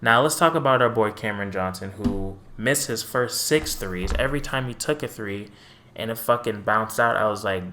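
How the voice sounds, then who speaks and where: A young man with a bright, forward voice runs his own casual basketball fan channel. He rants in an animated, profane way, throwing in petty, sarcastic asides as he breaks down the game. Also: on the low side, moderate pace, a little hiss or hum.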